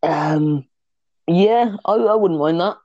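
A man's voice: high-pitched, takes it slowly, a little mellow, dry recording, dull audio. Sweary laughing podcast co-host, man. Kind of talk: casual chat.

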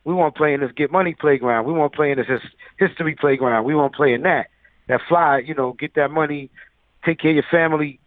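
A man's voice: fairly high pitch, quick pace, no room sound. A man who is a music producer, telling stories loosely in a casual interview, full of fillers. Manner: loose, filler-heavy storyteller. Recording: tinny phone-like line.

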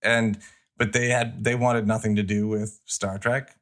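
Rambling low-voiced male podcaster. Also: little pitch movement, measured pace, fairly bright tone. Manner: rambling, retells scenes with quoted voices. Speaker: podcast co-host. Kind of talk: casual chat.

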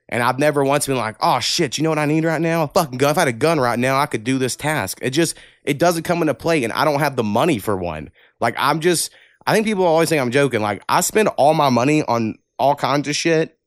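A man hosting a podcast who talks bluntly and cusses freely while he reads out emails and argues back. His voice is smooth and resonant, and the close mic leaves little room sound. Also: mid-range voice, dry recording. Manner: blunt, heavy cussing, animated rants. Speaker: podcast host. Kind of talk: casual podcast chat, reading listener emails.

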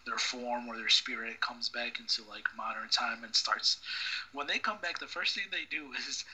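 Man, casual podcast co-host, very bright and sharp, rambling, heavy on fillers. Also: mid-range voice, moderate pace, husky, low-quality recording. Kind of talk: casual chat.

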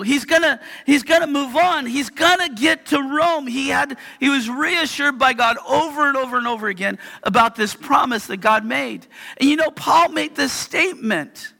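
A man in his forties preaching a sermon in a church, telling the story animatedly and bursting into shouts to act out scenes. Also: very high voice, creaky. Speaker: pastor. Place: church sanctuary. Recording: long hall reverb.

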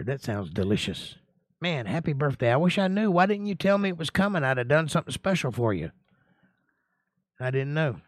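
A man's voice: a little high, no room sound, clean studio sound. Folksy man teaching a casual Bible study. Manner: folksy, chatty, greets viewers by name; reads scripture aloud and comments on it.

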